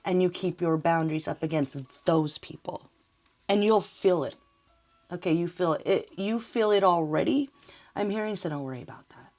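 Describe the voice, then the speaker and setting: A woman's voice: lowish voice, normal speed, darkish tone, faint music behind. A woman giving a casual spoken tarot reading, talking in a rambling, emotional way and often laughing. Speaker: tarot reader.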